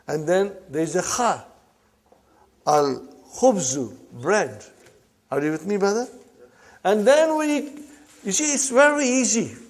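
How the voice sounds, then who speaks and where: A man teaching Arabic to a live class, repeating each word slowly and often checking in with the students. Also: sits high, animated.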